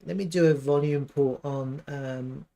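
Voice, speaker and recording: A man's voice: a little high, steady tone, unhurried, gravelly, dark tone. A man giving a casual live chart analysis, thinking aloud with fillers and restarts.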